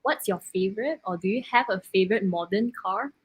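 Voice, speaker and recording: A woman's voice: mid-range voice, a little fast, breathy edge. A woman from Malaysia as a guest on a casual chat show, chiming in eagerly with questions.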